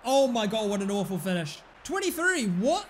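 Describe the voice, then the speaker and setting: A young man commentating his own football video game play, excitable, shouting at big moments and muttering in between. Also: sits high, normal speed, slight background noise. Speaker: gaming commentator. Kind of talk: live let's-play commentary.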